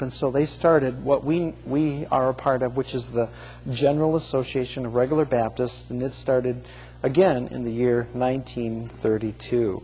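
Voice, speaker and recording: A man's voice: mid-range voice, fairly even intonation, moderate pace, a little mellow, husky. A man preaching a sermon as pastor, earnest, with rhetorical questions and frequent restarts, in a church sanctuary. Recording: long reverb of a large hall.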